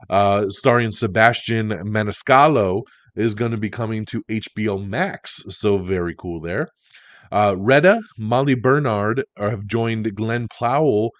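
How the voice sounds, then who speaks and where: A man hosting a podcast, running through entertainment news in a casual, animated way. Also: lowish voice, no echo. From Italian heritage. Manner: animated, chatty, breaks into goofy impressions. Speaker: podcast host.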